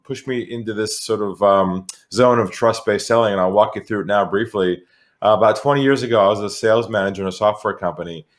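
A middle-aged man from California, a guest on an interview podcast, telling a sales story in a lively, animated way. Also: fairly low pitch. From San Diego, California. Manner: animated storyteller who acts out quoted voices. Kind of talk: conversational storytelling.

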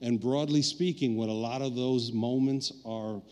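A man's voice: mid-range voice, fairly even intonation, moderate pace, warm tone. A man preaching a sermon as pastor, telling a personal story with playful acted-out asides before turning earnest. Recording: reverberant hall.

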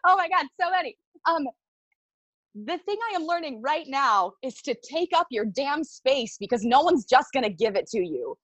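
A woman's voice: high-pitched, sing-song, moderate pace, fairly bright tone, dry recording, rough recording. A woman actor telling stories in a casual interview, candid and laughing often, swearing freely.

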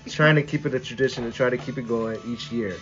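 A man's voice: mid-range voice, steady tone, quick pace, fairly bright tone. A man co-hosting a casual podcast, joking, swearing and talking over the others. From Washington State, US. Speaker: podcast co-host. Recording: lo-fi with faint music.

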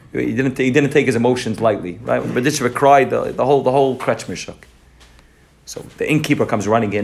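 A man giving an animated sermon with storytelling, emphatic and repetitive. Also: mid-range voice. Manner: animated and emphatic, repeating phrases. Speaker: rabbi giving a pre-holiday talk.

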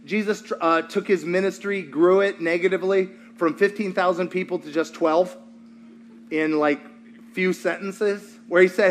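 A man preaching a sermon, high-pitched for a male voice. He talks with animated humor and acts out scenes for the congregation. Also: normal speed, a little hiss or hum. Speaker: pastor.

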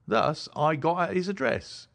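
A man's voice: fairly high pitch, expressive, measured pace, fairly bright tone. A man voicing a self-satisfied male police detective recounting his inquiry in a story reading. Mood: boastful.

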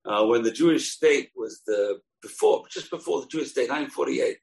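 A man gives an animated Torah lesson, throwing out rhetorical questions as he teaches. His voice has a gravelly, fry-edged texture. He sits at an ordinary middle pitch for a man. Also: brisk, rough recording.

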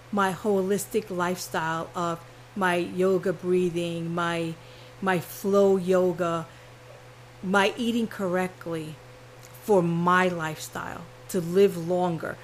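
A woman guest on a live radio show, earnest and hard to stop, speaking in a low voice. She is short of breath and a little hoarse, with coughs breaking through. A faint hum sits behind her. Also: steady tone, poor audio. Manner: earnest, talks without pausing. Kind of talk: casual radio interview.

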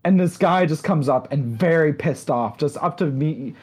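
A woman's voice: sits low, normal speed, a little mellow, breathy edge. A woman co-hosting a podcast, telling a rambling story in casual chat, full of fillers and restarts. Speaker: podcast co-host.

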